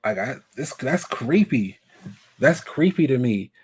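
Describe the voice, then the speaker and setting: Man, live stream host, animated casual talk, mid-pitched voice. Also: a little slow, breathy edge. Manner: animated, asks viewers questions.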